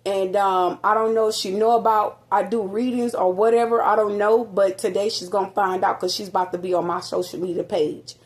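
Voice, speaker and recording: A woman talks straight to her viewers, recounting events at home in a loose, rambling way. She is animated and fills her pauses with little fillers. Her voice carries a slight echo from a nearly empty apartment. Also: mid-range voice. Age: adult with a grown son. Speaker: vlogger. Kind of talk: casual storytelling to viewers.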